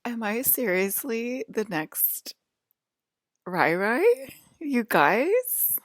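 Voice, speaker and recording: A woman mocking a giddy, disbelieving man in a high, loud, squealing put-on voice. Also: huge pitch swings, extremely slow, no room sound, clean studio sound, exaggerated voice.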